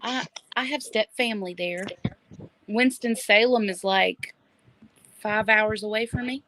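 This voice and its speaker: A woman's voice: mid-range voice, unhurried, pushed and bright, a little hiss or hum, low-quality recording. Woman, easygoing and plain-spoken, casual live-call chat, mid-range voice.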